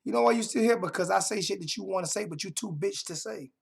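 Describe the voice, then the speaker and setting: A man's voice: sits high, quick pace, creaky, slightly rough. A young man hosting a livestream from home, confrontationally trash-talking his chat and repeating phrases for emphasis. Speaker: livestream host. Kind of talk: heated livestream rant.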